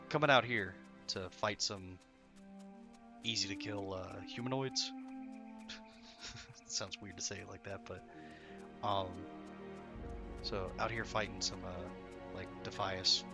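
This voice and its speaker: A man's voice: on the low side, wildly swooping pitch, slow pace, long pauses. A sleepy man streaming a game, chatting casually and rambling, laughing at himself and swearing freely. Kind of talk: casual live-stream commentary. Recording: game music playing underneath. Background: game music.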